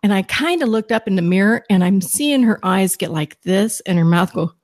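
Middle-aged lady rambling through a story, excitable, lots of restarts, dry close sound. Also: mid-range voice, moderate pace, dry recording. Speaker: guest psychic medium. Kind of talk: casual storytelling on a talk show.

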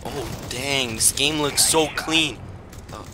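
A man's voice: medium pitch, takes it slowly. A young man giving casual, jokey commentary while playing a shooter at home, yelping and laughing as he plays. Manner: excitable, jokey, frequent yelps and laughs. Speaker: gaming YouTuber. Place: indoors at his computer, home. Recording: game gunfire noise behind voice.

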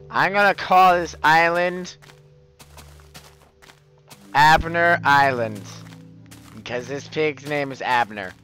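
A man's voice: on the high side, steady tone, slow pace, long pauses, bright, forceful tone, soft background music. A man doing goofy, rambling Let's Play commentary, breaking into whiny mock-crying outbursts. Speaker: gamer, channel host.

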